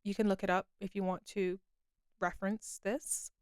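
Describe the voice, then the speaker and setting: A woman's voice: medium pitch, flat delivery, moderate pace, smooth, dry recording, clean studio sound. Candid young woman, podcast monologue. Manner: candid, confessional, repeats herself. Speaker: podcast host.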